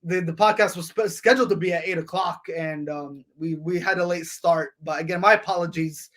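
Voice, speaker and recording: A man hosts his own sports podcast in a high, light voice. He talks loosely and rambles, filling gaps with ums and uhs and restarting sentences as he runs through games and scores. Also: brisk. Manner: rambling, frequent fillers and restarts; addresses listeners as folks, ladies and gentlemen. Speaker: podcast host.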